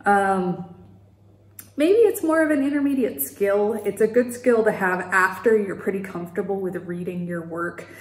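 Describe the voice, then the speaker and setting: A woman's voice: medium pitch, moderate pace. A woman hosting a knitting podcast, talking casually and rambling a little, with fillers and the odd laugh. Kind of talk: casual knitting video chat. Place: home. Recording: echoey room.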